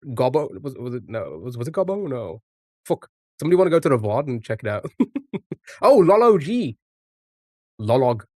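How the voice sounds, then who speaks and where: A man's voice: mid-range voice, big pitch swings, fast, warm tone, dry recording, clean studio sound. A man streaming live, chatting casually with his chat and swearing now and then while playing a word game. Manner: chatty, jokey, talks back to chat.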